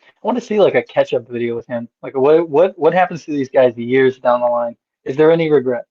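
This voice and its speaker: A man's voice: mid-range voice, a little fast. Brief: male caller, emphatic profane rant, dull call audio.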